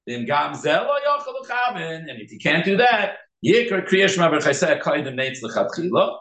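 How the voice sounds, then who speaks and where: A man's voice: a little high, very animated, normal speed, a bit bright. Man teaching a Talmud class, echoey room. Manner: explanatory, switching between English and Hebrew terms. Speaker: Torah teacher.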